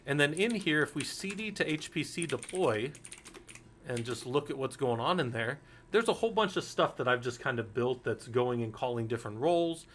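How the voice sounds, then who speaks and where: A man's voice: medium pitch, expressive, moderate pace, a bit bright, a little hiss or hum. Blunt, swearing Linux instructor in his 40s. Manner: candid, swears freely, rambling anecdotes. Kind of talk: casual technical lecture.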